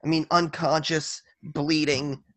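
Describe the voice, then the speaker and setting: Male game master, unhurried, vivid narration, dry close mic. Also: fairly high pitch, level tone, dry recording. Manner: slow, vivid descriptive narration.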